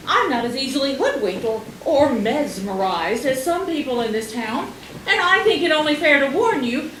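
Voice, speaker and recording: Stage musical: woman as a prim librarian, high, clipped and scolding, distant and echoey. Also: fairly bright tone, slight background noise. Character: prim, sharp-tongued young woman librarian. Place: theater stage. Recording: echoey stage sound from far off.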